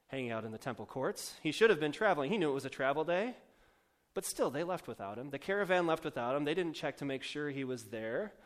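A male pastor preaching a sermon in a chatty, joking, self-mocking way with fillers. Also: mid-range voice.

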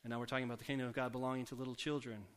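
A man preaching a sermon in a conversational way, asking the congregation questions and slowing down to softly repeat scripture. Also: mid-range voice, level tone, clean tone. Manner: slows down and softens for scripture quotes.

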